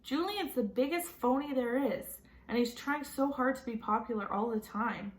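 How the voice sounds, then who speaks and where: A woman's voice: a little high, moderate pace, echoey room, close to an everyday voice, low-quality recording. A woman reading aloud and voicing a preteen boy arguing insistently with his mother. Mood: exasperated. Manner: exasperated, insistent.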